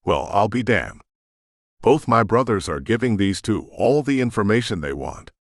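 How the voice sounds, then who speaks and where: A man's voice: on the low side, sing-song, moderate pace, dry recording, studio quality. A man voicing a wry male shifter brother in an audiobook.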